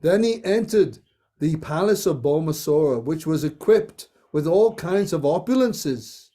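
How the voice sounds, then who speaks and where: A man leading a group reading of a scripture story, telling it slowly with playful asides. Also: on the high side, lively intonation, warm tone.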